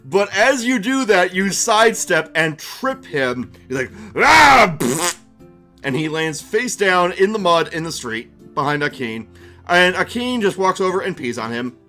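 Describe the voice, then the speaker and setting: A man acting as a bright-voiced game master on a live stream, narrating with a lively, swooping delivery and frequent giggles. He pitches a bit high for a man, and faint music plays underneath. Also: moderate pace. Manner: animated, giggly, chatting with viewers.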